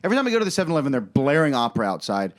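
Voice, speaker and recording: Fast-talking lively podcast co-host man. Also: mid-range voice. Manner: joking, laughs often. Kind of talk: casual chat.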